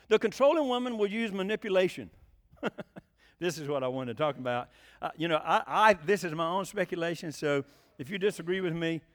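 An older man preaching a sermon in a folksy way, often asking the congregation questions. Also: on the high side.

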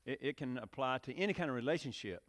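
A man's voice: medium pitch, expressive, quick pace, fairly bright tone. A man preaching a joking, folksy sermon, often rising into emphatic bursts. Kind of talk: sermon with jokes. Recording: long reverb of a hall.

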